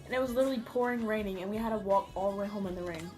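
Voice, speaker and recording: A woman's voice: medium pitch, racing. A young woman chatting over food in a casual vlog, blunt and profane, teasing her friends as she tells a story. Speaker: vlogger. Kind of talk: casual mukbang vlog chat. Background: music.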